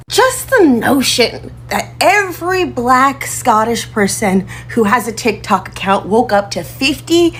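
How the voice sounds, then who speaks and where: High-voiced woman, very expressive, delighted casual creator talk with faint background noise. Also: measured pace, few pauses. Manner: gushing, laughing, delighted. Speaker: TikTok creator. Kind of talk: casual reaction monologue.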